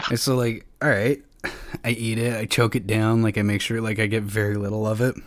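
A man with a fairly low voice chats loosely as a podcast co-host. He rambles, swears freely and pokes fun at himself, and his voice sounds dry and close to the mic. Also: flat delivery, brisk, no echo. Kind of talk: casual podcast chat.

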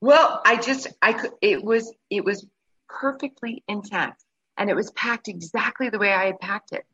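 A woman guest telling a personal story in casual conversation, animated and acting out the voices of the people she describes. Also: mid-range voice, normal speed, breathy edge. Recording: dull lo-fi recording.

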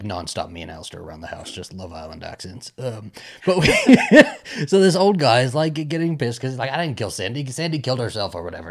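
A man co-hosting a podcast, talking casually about a film, swearing freely and acting out characters. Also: vocal fry. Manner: animated, swearing, mimics characters in high voices. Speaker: podcast co-host.

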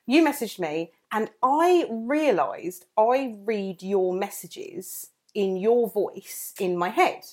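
A woman's voice: mid-range voice, expressive, slow pace, hardly any pauses. Chatty woman. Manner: chatty, laughs often, restarts sentences. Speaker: podcast co-host. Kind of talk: casual chat.

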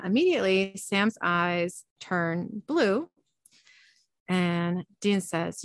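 A woman's voice: on the low side, animated, extremely slow, no echo. A woman hosting a podcast, casually recapping an episode with chatty, laughing asides. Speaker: podcast host.

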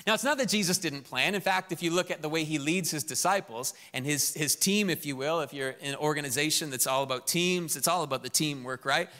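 Bright-voiced male pastor preaching in a hall. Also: fairly high pitch, a little fast, few pauses. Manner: animated, conversational preaching with jokes. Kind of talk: sermon. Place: church sanctuary.

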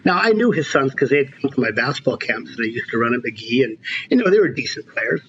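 A man in his sixties, a veteran basketball coach, telling stories in an animated, emphatic way during a casual interview. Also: medium pitch, quick pace, muffled recording, slight background noise. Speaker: basketball coach, podcast guest.

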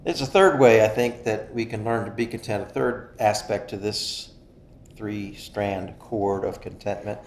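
A man's voice: on the low side, slight background noise. Earnest man preaching in an echoey room. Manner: earnest preaching with rising emphasis and slow stressed phrases. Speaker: pastor. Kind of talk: sermon.

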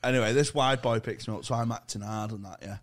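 A man's voice: on the low side, steady tone, quick pace. A male comedian guest telling rambling, sweary anecdotes in casual podcast chat.

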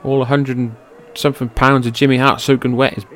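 Calling old wrestling footage into his own mic, an excitable man gives fairly quick amateur play-by-play in a voice of typical male pitch. Quiet, casual description gives way to abrupt loud, high-pitched yells, and he curses whenever something goes wrong.

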